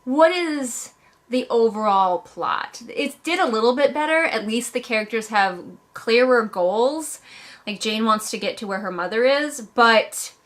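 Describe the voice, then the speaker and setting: Woman, book reviewer, casual chat, animated, emphatic pitch jumps, close mic. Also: moderate pace.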